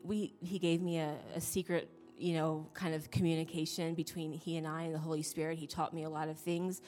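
A woman with a low, flat voice shares her testimony in church. She speaks hesitantly and with emotion, with frequent fillers and restarts, while music plays faintly behind her. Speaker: congregation member giving testimony.

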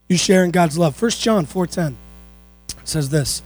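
Man preaching, high pitch, animated, acts out voices, soft music behind, mains hum. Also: slow pace, pauses often, rough recording. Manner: animated, acts out quoted people. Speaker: pastor. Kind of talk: sermon.

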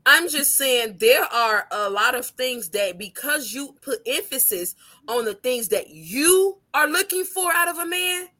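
A woman's voice: high-pitched, animated, a little slow, sharp tone. A woman co-hosting a casual podcast, speaking bluntly with profanity. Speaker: podcast co-host. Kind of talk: casual opinionated chat.

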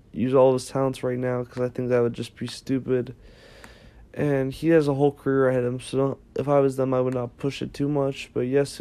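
Mellow-voiced man rambling about basketball. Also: medium pitch. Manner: rambling, self-correcting, thinks aloud. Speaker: basketball ranking vlogger. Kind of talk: casual unscripted commentary.

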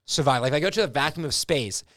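A young man co-hosting a podcast in casual chat, joking in a deadpan, mock-serious way. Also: fairly high pitch, fast talker, no echo, studio quality. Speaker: podcast co-host.

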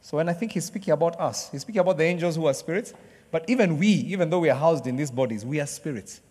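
A man preaching a sermon in a conversational way, joking with the congregation and bursting into excited cheering. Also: fairly high pitch, fast talker, breathy edge, big-room sound.

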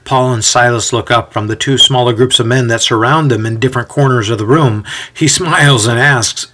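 A man giving a measured, scripted story narration. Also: mid-range voice, sharp tone.

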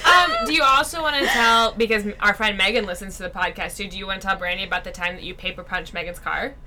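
A woman co-hosting a podcast in casual chat, loud and joking, with plenty of swearing. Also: mid-range voice, quick pace, noisy background. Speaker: podcast co-host.

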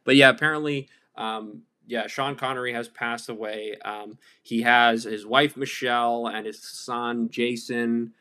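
A man's voice: mid-range voice, steady tone, unhurried, few pauses, bright, forceful tone. A man hosting a solo podcast, talking casually in an irreverent, profane, rambling way full of fillers. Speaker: podcast host.

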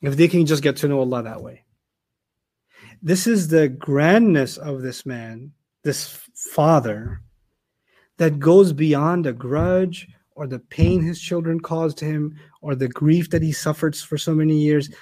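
Man, slightly high voice, emphatic scripture lesson, repeats for stress. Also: a little slow, dark tone. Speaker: Quran teacher. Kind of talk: Quran commentary lecture.

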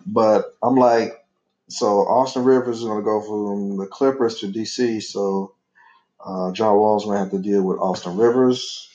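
A lowish, mellow male voice, steady in tone and unhurried. In an echoey, dull lo-fi room, a father who hosts a podcast with his son chats casually, rambling and laughing easily.

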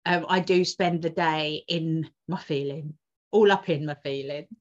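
A twin mum and doula, appearing as a podcast guest, tells a personal story in casual conversation in a low, fairly even, slightly slow voice. She is emotional and rambling, restarting often, and the audio is dull and lo-fi.

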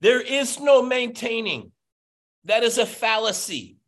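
A man with a very high voice, working as a business coach, nearly shouts as he delivers a fervent pep talk over a video call.

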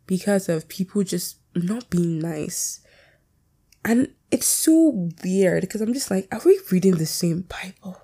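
Fast-talking woman podcaster with gravelly fry. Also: fairly low pitch, warm tone. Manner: fast, rambling, candid, swears freely. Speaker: podcast host. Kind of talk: casual solo podcast chat.

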